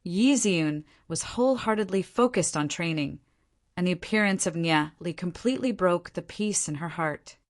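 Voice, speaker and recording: A woman narrating a novel as an audiobook in a steady, even storytelling manner. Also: fairly low pitch, normal speed.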